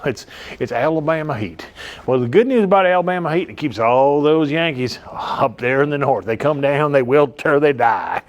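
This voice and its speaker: A middle-aged man who owns a car dealership, giving a comedic sales pitch that rambles off topic with jokes and asides.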